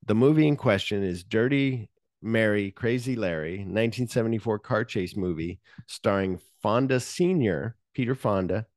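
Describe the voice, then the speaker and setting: A man's voice: on the low side, moderate pace, no room sound, clean studio sound. A man hosting a podcast, casually recapping a film's scenes with lots of swearing. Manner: animated scene retelling, frequent swearing. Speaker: podcast host. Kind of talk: casual movie-discussion chat.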